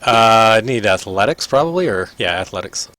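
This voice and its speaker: A man's voice: on the low side, lively intonation, a bit bright, slight background noise. A man running a tabletop game as game master, narrating casually with lots of fillers. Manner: easygoing, many fillers, quick voices for figures.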